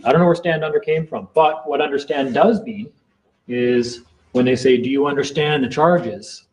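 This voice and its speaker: A man's voice: mid-range voice, normal speed, darkish tone, rough recording. A man giving a casual talk to a small group, rambling and repeating himself as he acts out exchanges in court. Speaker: seminar speaker.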